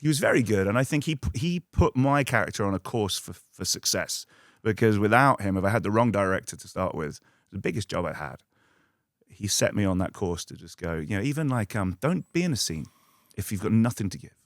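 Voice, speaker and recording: A middle-aged man, an actor guest on a podcast, telling stories in a casual, animated way, swearing and acting out loud quoted lines. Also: brisk, no room sound, clean studio sound. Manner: animated, acts out quotes in loud high bursts.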